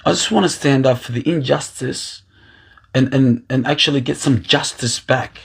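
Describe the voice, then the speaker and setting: Man, husky voice, impassioned rambling monologue, mid pitch. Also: normal speed. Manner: impassioned, rambling, restarts and repeats words. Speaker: aspiring political candidate. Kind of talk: emotional personal monologue.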